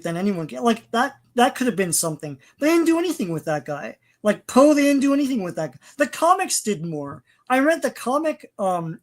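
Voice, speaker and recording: A man hosting a casual podcast chat, talking in a critical, rambling way with frequent restarts. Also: high-pitched. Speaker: podcast host.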